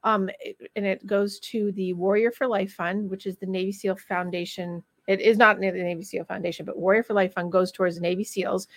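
A woman hosting a show in a studio, chatting casually with quick asides and laughter. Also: mid-range voice, little pitch movement. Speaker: show host.

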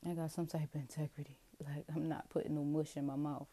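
Woman vlogger, low flat delivery, rambling and profane confessional. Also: fast. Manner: rambling, profane, self-questioning. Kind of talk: candid confessional monologue.

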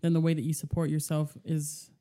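A woman with a low, mellow voice chats casually as a co-host. She is affirming and easygoing, with her speech full of "like". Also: monotone, fairly quick. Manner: casual, affirming, heavy use of "like". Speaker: podcast co-host. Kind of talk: casual chat.

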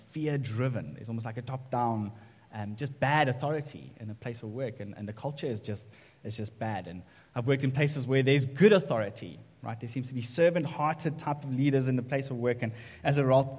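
A man's voice: mid-range voice, big-room sound. A man preaching a sermon in a church, talking in a conversational way and often checking in with "right?" and "okay?". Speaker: pastor.

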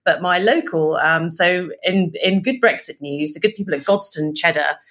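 A woman chats on a podcast, telling stories with animated energy and quick laughs. Her voice sits a little low for a woman. She talks casually and freely. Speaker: podcast co-host.

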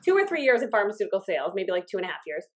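A woman being interviewed as a guest, telling stories in a casual, animated way. She acts out her own past dialogue, laughs often and talks in quick run-on stretches with many fillers. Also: medium pitch. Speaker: guest, business owner.

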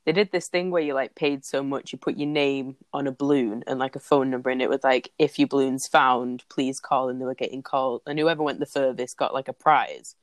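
Low-voiced British woman, playful and sweary. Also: fairly even intonation, brisk, few pauses, no echo. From Britain. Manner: playful, sweary, giggly storyteller. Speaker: podcast co-host. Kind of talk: casual chat.

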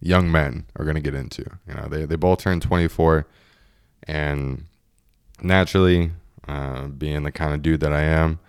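A man's voice: a bass voice, fairly even intonation, normal speed, clean tone, no room sound, studio quality. A young man in his twenties casually telling a story, laughing often and acting out what his friends said.

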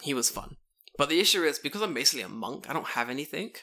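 A man in casual chat, telling an animated story, swearing freely and acting out the people he quotes. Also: fairly high pitch, racing.

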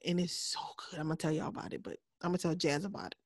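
A woman co-hosting a podcast in casual chat, candid and laughing often, sometimes dropping to a soft voice. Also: on the low side, steady tone, racing, dry recording, whispered. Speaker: podcast co-host.

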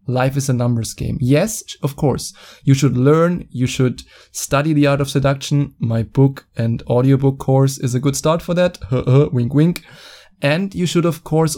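Into a studio microphone, a solo podcast host with a German accent talks bluntly and mockingly, with frequent swearing. His voice is medium in pitch and dark in tone.

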